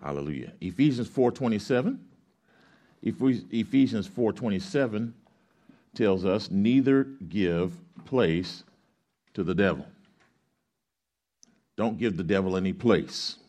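A man with a low, steady voice preaching to his congregation. He reads scripture and then works through it like a teacher. He keeps asking questions for the crowd to answer back. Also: unhurried, pauses often. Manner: reads scripture aloud, explains Greek grammar. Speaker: pastor. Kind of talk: sermon with call-and-response.

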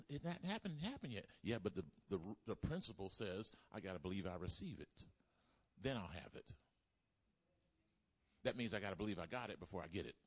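A man preaching a sermon, repeating key lines for emphasis and calling on the congregation to answer back. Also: sits low. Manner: call-and-response preaching with emphatic repetition. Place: church service.

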